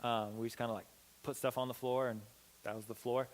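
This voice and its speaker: A young man giving a youth sermon as a pastor, telling a story with lively acted-out dialogue. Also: brisk. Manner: animated, acts out quoted dialogue with big pitch swings. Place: church hall. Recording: long hall reverb.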